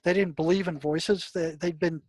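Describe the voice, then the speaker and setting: An older man speaks as an interview guest, his voice pitched a little high and recorded dry and close. He tells his story with animation, stumbling through restarts and breaking into exclamations at dramatic moments. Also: normal speed, no echo. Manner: animated, many restarts, exclaims when recounting. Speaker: guest, retired mental health practitioner.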